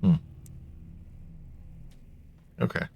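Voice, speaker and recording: A man's voice: extremely slow, no echo, lo-fi sound. A man streaming a video game, chatting casually and musing aloud as he reads the on-screen text. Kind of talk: casual gameplay commentary.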